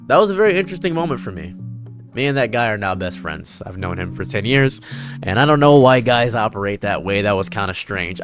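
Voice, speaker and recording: A man telling personal stories in an earnest, preachy monologue about kindness. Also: mid-range voice. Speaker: streamer and commentary creator. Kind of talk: reflective storytelling monologue. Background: faint guitar music.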